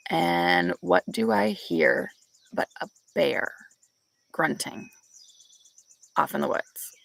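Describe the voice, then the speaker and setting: A woman's voice: fairly low pitch, very animated, slow, vocal fry, fairly bright tone. A young woman, chatting casually with viewers and telling a story, laughing often, recorded on a back porch. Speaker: vlogger. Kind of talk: casual chat with live viewers.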